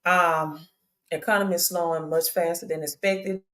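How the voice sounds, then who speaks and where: A woman's voice: on the low side, fairly even intonation, normal speed, a bit bright. A woman with a Southern US accent hosts a casual crypto livestream in a chatty, upbeat way, greeting viewers over and over. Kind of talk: casual live-stream chat. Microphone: own microphone.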